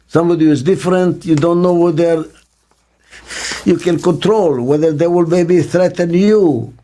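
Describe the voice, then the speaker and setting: A man's voice, high-ish in pitch and dark in tone, belongs to an older business consultant answering interview questions to camera. He keeps his sentences short and emphatic and asks rhetorical questions.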